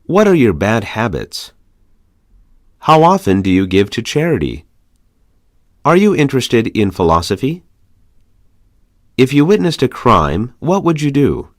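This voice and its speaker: A man reading English practice questions one by one for a language course, measured and clear. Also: mid-range voice, very animated, dry recording, clean studio sound.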